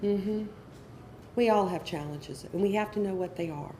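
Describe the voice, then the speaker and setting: This educational counselor, a middle-aged woman, presents earnestly to a conference audience and repeats key points for emphasis. Her voice is on the low side and dark, her pace fairly quick, with slight hiss or hum in the recording.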